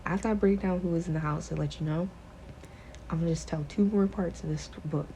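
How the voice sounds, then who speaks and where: A woman's voice: fairly low pitch, fairly even intonation, a little fast, warm tone, a little hiss or hum. A woman podcast host casually retelling a book's plot, rambling with lots of fillers and swearing. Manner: rambling, profane, many fillers. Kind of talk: casual storytelling, retelling a book.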